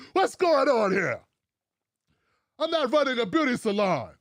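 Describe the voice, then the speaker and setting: A man's voice: extremely high pitch, big pitch swings, slow, no room sound, exaggerated voice. A man mimicking a brash, crude old-school male boss who keeps asking what's wrong in mock innocence. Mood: mock-innocent.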